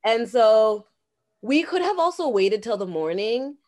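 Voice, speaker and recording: A Canadian woman in a casual podcast chat, telling a story in an animated way and acting out the dialogue. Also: on the high side, unhurried. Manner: animated, acts out quoted dialogue. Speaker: guest.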